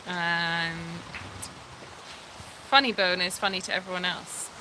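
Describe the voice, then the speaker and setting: A woman's voice: on the low side, fairly even intonation, slow, sharp tone, a little hiss or hum, low-quality recording. A woman with a Scottish accent co-hosting a casual live stream from an animal sanctuary, reading out viewer comments and answering them with frequent laughs. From Scotland.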